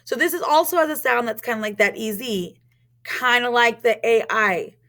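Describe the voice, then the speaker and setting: A woman teaching French in a recorded lesson, modeling words clearly and asking learners to repeat after her. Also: on the high side, moderate pace, pushed and bright.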